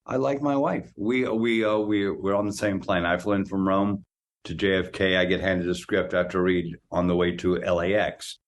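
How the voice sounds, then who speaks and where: A man in his sixties with a very low voice talks as a podcast guest. He tells personal stories with animated energy and tends to repeat words as he starts his sentences. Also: a little hiss or hum. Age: 60s. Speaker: guest actor. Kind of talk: casual interview storytelling.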